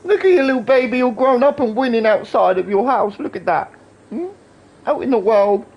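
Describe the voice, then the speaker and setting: Excitable swearing woman streamer. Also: a little high, fairly quick, lo-fi sound. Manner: excitable, swears freely, teasing banter. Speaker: gaming livestreamer. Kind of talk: casual live gaming commentary.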